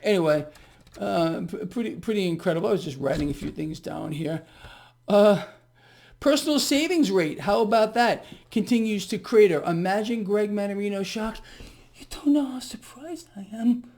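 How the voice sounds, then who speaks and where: A man's voice: high voice, moderate pace, darkish tone. A male host delivering a blunt, ranting solo commentary on the markets. He talks sarcastically and mockingly, with heavy emphasis and sudden bursts of scorn.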